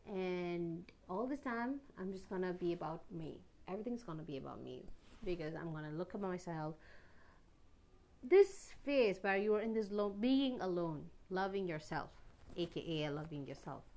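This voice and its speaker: A young woman talking earnestly to the camera about being alone and loving herself, rambling with restarts and occasional sudden loud bursts. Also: lowish voice, animated, normal speed. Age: young adult. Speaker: vlogger. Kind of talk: personal reflective monologue.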